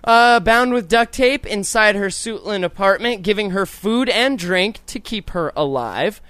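Man, talk show host, sarcastic, profane, slow, smooth. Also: high voice, expressive, pushed and bright, dry recording. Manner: profane, sarcastic, mock-indignant. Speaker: podcast host. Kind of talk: crude comedic talk show banter.

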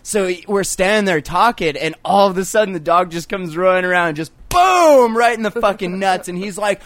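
A young man hosting a casual online show, telling crude stories fast with plenty of swearing and laughter. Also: high voice, lively intonation, a bit bright, dry recording. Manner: profane, joking, quick storytelling with laughs. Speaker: podcast host.

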